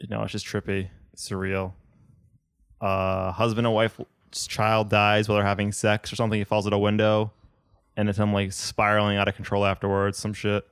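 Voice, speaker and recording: A man's voice: on the low side, completely flat delivery, moderate pace, smooth, dry recording, clean studio sound. A young man co-hosting a casual podcast, blunt and sarcastic, swearing often. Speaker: podcast co-host. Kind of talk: casual chat.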